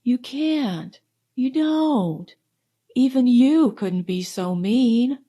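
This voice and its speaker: A woman's voice: on the high side, expressive, extremely slow, mellow, heavily acted. A woman reading an audiobook, voicing a proud young female singer who bursts out in fury. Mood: pleading. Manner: fierce outbursts.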